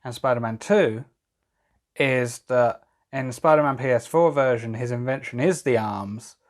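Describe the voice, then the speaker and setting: A man's voice: mid-range voice, a little slow. A young man co-hosting a casual film podcast, talking in a reflective, hedging way. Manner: reflective and hedging, with "I guess" and "sort of". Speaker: podcast co-host.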